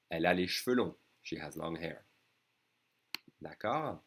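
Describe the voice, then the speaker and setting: A man's voice: low voice, animated, moderate pace, slight background noise. A man with a French accent, a native speaker teaching a beginners' language lesson online, patiently repeating each phrase.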